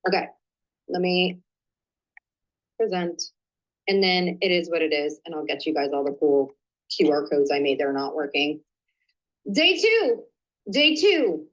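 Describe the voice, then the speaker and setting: A woman hosting a live online business training, chatty and excitable, talking to viewers and muttering to herself while she fixes her slides. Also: fairly low pitch, poor audio. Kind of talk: casual live-stream coaching.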